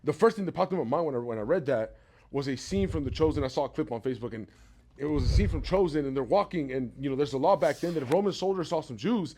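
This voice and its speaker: A man sharing a Bible reflection in a casual devotional talk, telling it as a lively story with chuckles and conversational asides. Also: a little high, fast talker. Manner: conversational, with tag questions and restarts.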